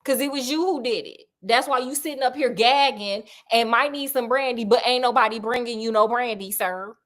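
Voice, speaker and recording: A woman voicing a brash male detective who demands his money, in a sassy, slangy, drawn-out way. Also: on the high side, fairly bright tone, lightly acted. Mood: demanding.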